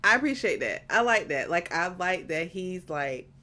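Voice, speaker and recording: A woman hosting an anime reaction, thinking out loud in casual commentary, animated and quick to laugh. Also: lowish voice.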